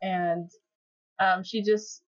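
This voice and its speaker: Animated woman retelling anime scenes. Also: mid-range voice, extremely slow, dry recording, highs cut off. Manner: animated retelling, acting out character lines. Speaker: podcast co-host. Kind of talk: casual recap chat.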